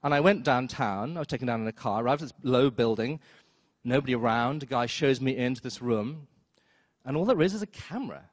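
A man's voice: mid-range voice, animated, no echo, studio quality. Wry man telling a stage story. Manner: wry, self-mocking, quick asides, acts out quotes. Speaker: storyteller, film critic. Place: theater stage before an audience.

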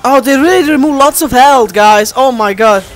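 A man giving let's play commentary, animated and easily exasperated, often addressing viewers as guys. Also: extremely high pitch, normal speed. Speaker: gameplay commentator.

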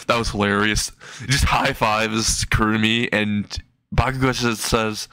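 A man's voice: mid-range voice, steady tone, normal speed, sharp tone, no echo. Man, casual comic storyteller, rambling, dry close sound. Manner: rambling, laughs at his own jokes. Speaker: fan fiction storyteller.

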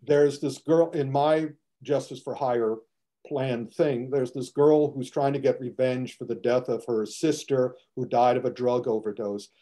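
An older man, a martial arts film critic, telling lively stories in casual chat and acting out the scenes. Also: mid-range voice, a little slow. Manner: animated storyteller acting out scenes.

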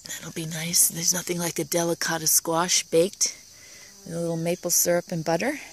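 In a relaxed garden tour vlog, a woman with a low, gravelly voice walks through her outdoor vegetable patch, admiring each plant softly and sometimes dropping to a whisper. Shot on a handheld camera at a moderate pace, the clip picks up faint crickets and insects plus a little hiss or hum.

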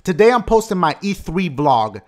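A young man giving loud, hyper gameplay commentary, swearing and shouting often. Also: high-pitched, very animated, normal speed. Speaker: gaming YouTuber.

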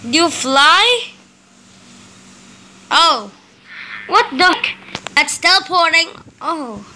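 Very high-voiced woman in a halting roleplay. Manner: halting, many "um"s, excitable exclamations. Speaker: Minecraft roleplay video host. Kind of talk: casual gameplay roleplay commentary. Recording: noisy with clicking in background.

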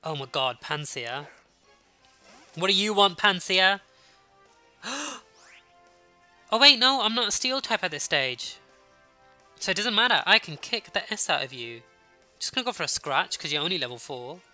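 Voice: mid-range voice, sing-song, normal speed, pushed and bright, soft background music. A young adult Let's Play gamer with a Birmingham accent, chatting to viewers during casual gameplay commentary while sniffly with a runny nose.

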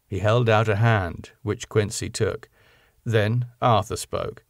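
A man's voice: lowish voice, fairly even intonation, slow, gravelly, no echo. Man narrating an audiobook, dry sound.

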